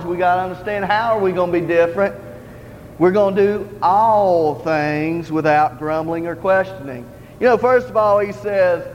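A lay preacher with a high voice delivers a sermon in church, speaking in an earnest, conversational style and repeating his points. The recording sounds dull and roomy, like a hall, with faint ambience and slight background noise.

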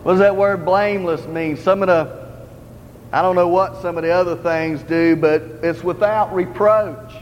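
In a dull, roomy hall with faint ambience and slight background noise, a lay preacher gives a sermon. His high-pitched voice is flat, his pace moderate, and his earnest, conversational style keeps repeating each point.

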